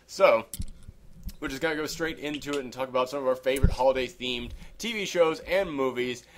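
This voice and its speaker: A man's voice: medium pitch, brisk, a little hiss or hum. A man hosting a casual podcast chat, rambling and joking, with a habit of saying "anywho". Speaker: podcast host.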